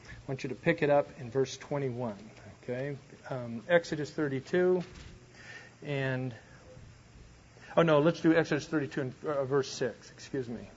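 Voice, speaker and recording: A man's voice: medium pitch, moderate pace, long pauses, breathy edge. A man teaching a Bible study, reading scripture aloud with dramatic emphasis and explaining it in a conversational way. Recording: dull lo-fi recording.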